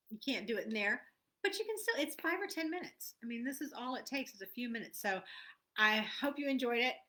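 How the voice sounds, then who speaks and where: A middle-aged woman guides listeners through a tapping lesson in a bright, clear voice. She repeats soft affirmations and now and then drops into a hushed whisper. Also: fairly high pitch. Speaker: tapping coach.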